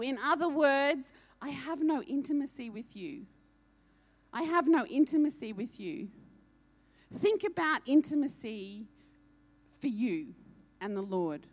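A woman's voice: sits high, lively intonation, a little slow, long pauses. A woman preaching a sermon, urgent and earnest, repeating key lines for emphasis.

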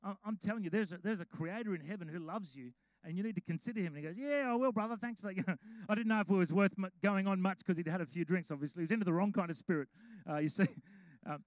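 Chatty pastor with high voice. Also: male voice, no echo, low-quality recording. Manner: chatty storytelling with laughs; reads scripture slowly. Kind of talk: sermon.

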